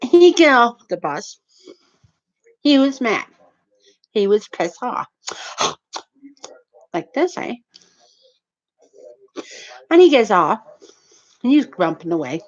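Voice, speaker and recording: Slow-talking woman telling a story. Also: on the high side. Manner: animated, repetitive, indignant retelling. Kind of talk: rambling storytelling to camera. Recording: dull lo-fi recording.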